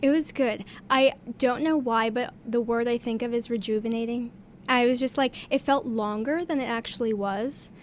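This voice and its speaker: Young female college radio host, chatty and upbeat, slightly high voice. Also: moderate pace, slight background noise. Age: young adult. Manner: chatty, laughs easily. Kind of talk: casual radio chat.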